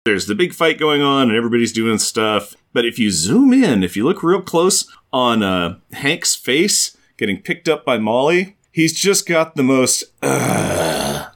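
Animated man recapping comics on a podcast. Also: medium pitch, a little slow. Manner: animated storytelling, acts out characters in silly voices. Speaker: podcast co-host. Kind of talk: casual chat.

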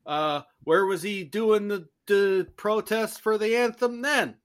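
A man putting on a gruff middle-aged Chicago sports fan with a thick Chicago accent. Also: high voice, slow, pitched above the performer's own voice. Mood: indignant.

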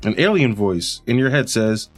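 A man's voice: mid-range voice, very animated, moderate pace, faint music behind. A man running a tabletop game as game master, describing scenes casually with fillers.

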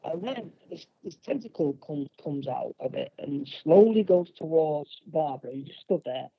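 A man co-hosting a casual chat, recapping a film plot in a halting way with many restarts. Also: on the high side, lively intonation, gravelly, slightly rough, no echo, dull audio. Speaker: podcast co-host.

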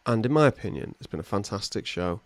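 Wry guy chatting on a podcast, voice bounces around a lot, deadpan storyteller. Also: on the low side, quick pace. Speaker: podcast co-host. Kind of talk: casual podcast chat.

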